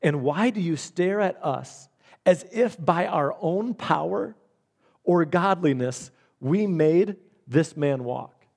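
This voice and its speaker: Earnest male preacher, slightly high voice. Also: expressive, slow pace, gravelly, darkish tone. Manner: earnest, storytelling with many restarts. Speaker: pastor. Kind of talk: sermon with personal story.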